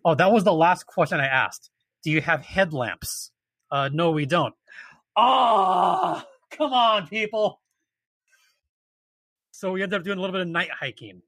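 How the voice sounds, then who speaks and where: Man, animated storyteller, slightly high voice, dry close sound. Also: fairly quick, no echo. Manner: animated, exasperated retelling. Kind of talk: casual storytelling chat.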